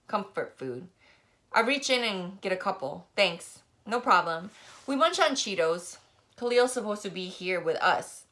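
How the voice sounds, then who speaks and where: A woman's voice: fairly low pitch, sharp tone. A woman reading a novel aloud, narrating expressively in the first person. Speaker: reader.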